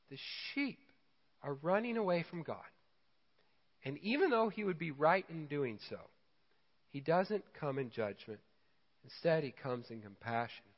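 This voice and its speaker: Man preaching a sermon in a big hall. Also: fairly high pitch. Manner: storytelling, animated quoting. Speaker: pastor. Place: church hall. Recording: dull sound in a reverberant church hall.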